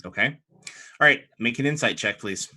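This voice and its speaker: A man narrating as game master of a tabletop game, chatty and relaxed, with frequent fillers. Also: mid-range voice, normal speed, a little hiss or hum.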